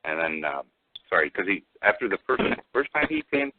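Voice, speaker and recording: A man phones in to a talk show and tells his story in halting, rambling bursts, packed with fillers and restarts as he quotes what each person said. His voice sits very low and husky. The call comes through a thin, dry phone line. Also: big pitch swings, no room sound. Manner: retells exchanges by quoting both sides. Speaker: caller.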